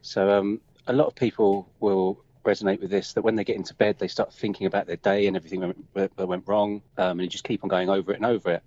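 A man from Kent with a Kent accent, a guest in a casual interview, talking in a relaxed, rambling way with frequent ums. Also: deep voice, fast, hardly any pauses, dull audio. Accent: Kent, England. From England.

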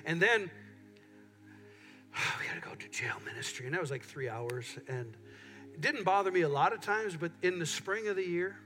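A man's voice: a little high, normal speed, faint music behind. A middle-aged man preaching a sermon in a church, telling stories and acting out what people say. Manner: animated storytelling, acts out quotes. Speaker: pastor. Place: church sanctuary.

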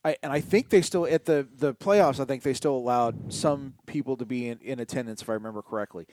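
A middle-aged man co-hosting a podcast, chatting casually about sports and telling stories with drawn-out, emphatic words. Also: medium pitch, slight background noise. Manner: animated storyteller, stretches key words. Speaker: podcast co-host.

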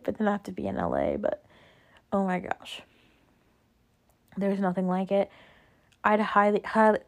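A young woman vlogging in a casual chat, gushing and talking quickly with lots of "like" and "literally", jumping higher and louder when she acts out quotes. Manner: gushing, chatty, fillers like "like" and "literally".

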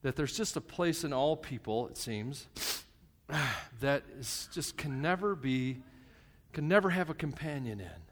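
A man preaching a sermon at a church service. He speaks in a plain, conversational, joking way, dropping to a hush one moment and shouting the next. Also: medium pitch, expressive, unhurried. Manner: self-described plain and a bit crass. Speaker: pastor. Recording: long hall reverb.

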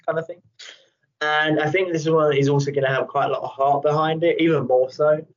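A man's voice: fairly high pitch, little pitch movement, fast, dull audio. A man chatting casually as a podcast co-host, rambling with many fillers, laughing often and swearing freely. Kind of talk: casual chat.

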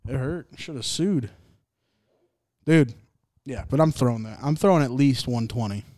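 A man's voice: medium pitch, normal speed, darkish tone, no echo, studio quality. Profane young man in casual sports chat. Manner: profane, joking, rambling. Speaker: podcast host.

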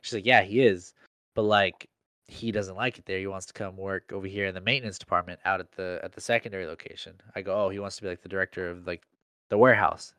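A man's voice: low-pitched, steady tone, quick pace, sharp tone, no room sound, clean studio sound. A young man in casual chat, telling a work story in slangy speech full of "like". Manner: slangy storytelling, heavy use of "like".

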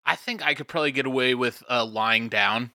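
A man's voice: medium pitch, a little fast, sharp tone, no room sound, clean studio sound. A man co-hosting a comedy podcast, chatting casually and laughing often as he jokes around. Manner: laughs often, jokey and playful. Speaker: podcast co-host. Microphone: studio podcast mic.

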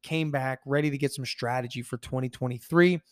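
A man hosting a business podcast, upbeat and direct, his voice hoarse from losing it. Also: mid-range voice, a little fast, no echo, clean studio sound. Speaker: podcast host. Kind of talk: casual podcast interview.

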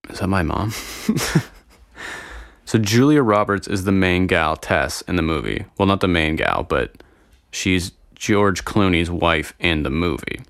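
Low-voiced man rambling profanely. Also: expressive, normal speed, a bit bright, no room sound, studio quality. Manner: rambling, profane, easily sidetracked. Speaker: vlogger. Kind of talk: casual solo chat to viewers.

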